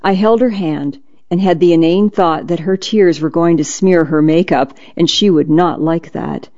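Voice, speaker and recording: A narrator reading a memoir in a gentle, measured, reassuring way. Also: mid-range voice, lo-fi sound. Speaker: audiobook narrator.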